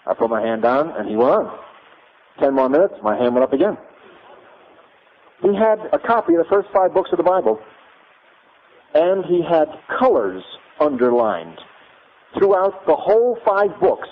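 A man with a fairly high voice tells a story in a lively, emphatic way. His pitch swings widely as he drives his points home. The audio is thin and tinny, like a phone line. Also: moderate pace, long pauses. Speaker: speaker telling a personal story. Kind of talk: animated personal storytelling.

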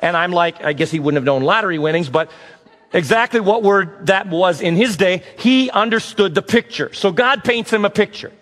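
A man with a high, bright-toned voice delivers a lively sermon, slipping into acted-out dialogue as he tells his stories. His words ring with the long reverb of a big hall in front of a live audience. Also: moderate pace. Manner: animated, acts out dialogue, talks to the audience. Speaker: preacher. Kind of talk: sermon with storytelling.

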